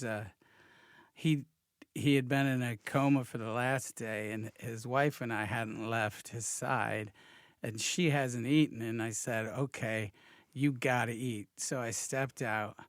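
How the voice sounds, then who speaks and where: A man who is a comedian and director, talking as a podcast guest, quiet and reflective with frequent restarts. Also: mid-range voice, no echo, clean studio sound. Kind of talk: podcast conversation.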